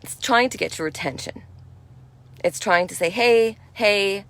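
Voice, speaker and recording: A woman giving a spiritual energy talk in a gentle, reassuring and affirming way, chatty with frequent "you know". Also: fairly low pitch, lively intonation, normal speed. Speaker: spiritual speaker.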